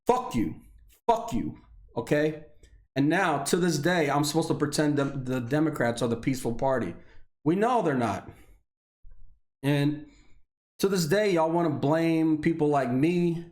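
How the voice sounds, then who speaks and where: A man in his thirties from Indiana, a military veteran, delivering an unscripted, profane personal rant that swings between heated anger and low, weary tones. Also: animated, measured pace, pauses often, a little mellow. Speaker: video blogger, military veteran.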